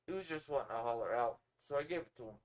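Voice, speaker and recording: A laid-back man co-hosting a home livestream, his voice in a middle register. He talks easygoing and unhurried and shrugs off problems. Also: mid-range voice, lively intonation, a little hiss or hum. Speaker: podcast co-host. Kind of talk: casual livestream chat. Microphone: phone or home streaming setup.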